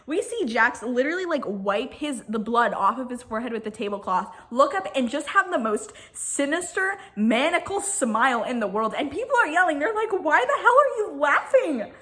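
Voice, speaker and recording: A woman's voice: fairly high pitch, animated, bright, forceful tone. Chatty gossipy woman recapping drama. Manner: chatty, gossipy, lots of "like", quick quoted voices. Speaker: reality TV recap vlogger. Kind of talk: casual recap storytelling.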